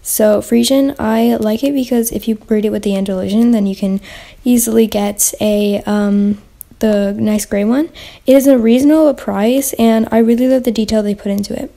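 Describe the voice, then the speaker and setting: A woman's voice: fairly high pitch, steady tone, normal speed, creaky, mellow. A young woman hosting a casual gaming Q&A vlog, chatty and rambling with lots of fillers and restarts. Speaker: channel host.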